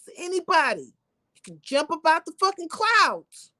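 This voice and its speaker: A woman's voice: very high-pitched, big pitch swings, normal speed, bright, forceful tone, no room sound. A woman hosting a livestream, talking to her viewers in an emphatic, profane, preachy way. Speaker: livestream host. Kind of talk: impassioned livestream rant.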